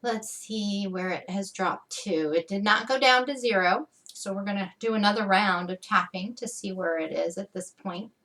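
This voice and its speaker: A woman's voice: medium pitch, moderate pace, hardly any pauses, fairly bright tone, recorded from a distance. A woman leading an EFT tapping lesson, talking to the viewer in a chatty way and saying her affirmation phrases with strong emphasis.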